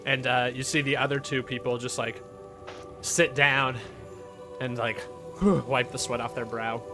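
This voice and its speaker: A man's voice: mid-range voice, level tone, a little slow, over music. A man narrating as dungeon master in a tabletop game, casual and full of fillers.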